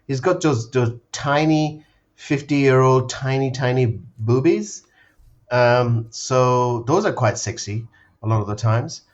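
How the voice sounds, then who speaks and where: A podcast host rambles through casual comedic chat, tripping over restarts and giggling. His mid-pitched voice comes through dull and muffled, as if caught on a webcam mic. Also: slow pace.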